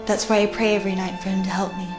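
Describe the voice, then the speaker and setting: An actress playing an earnest, hopeful young opera singer in a film clip with room echo and music behind. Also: female voice, medium pitch, flat delivery, racing, close to an everyday voice. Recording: roomy film audio with music.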